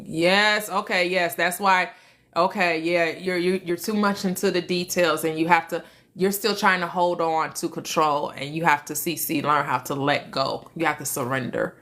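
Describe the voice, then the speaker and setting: A woman's voice: lowish voice, steady tone, moderate pace, a bit bright. A woman hosting a livestream on manifestation, teaching casually and answering questions from chat. She laughs often, repeats words and restarts her sentences.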